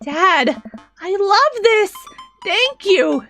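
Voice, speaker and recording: Woman doing a squealing excited teen girl. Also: very high-pitched, slow pace, soft background music, pitched above the performer's own voice, heavily acted. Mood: thrilled. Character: excitable teenage girl fresh from high school.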